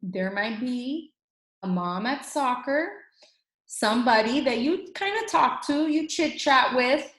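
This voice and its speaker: A woman in her thirties giving an animated motivational coaching talk, acting out little bits of dialogue. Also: sits high, takes it slowly. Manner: animated, acts out quoted dialogue. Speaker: fitness coach team leader. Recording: roomy echo.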